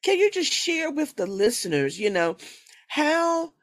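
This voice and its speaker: A woman hosting a podcast over a video call, affirming her guest often and asking questions warmly. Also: high voice, very animated, unhurried. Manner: warm, affirming, many "okay" and "amen". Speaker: podcast host. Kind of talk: casual interview.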